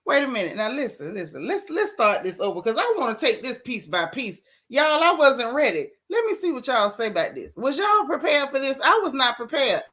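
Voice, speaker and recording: A woman's voice: high-pitched, brisk, hardly any pauses, breathy edge. A woman hosting a gossip stream, chatting casually and animatedly with her viewers. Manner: animated, talks straight to her chat with "y'all", "baby" and "honey". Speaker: host of a gossip talk stream. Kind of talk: casual live-stream chat reading comments.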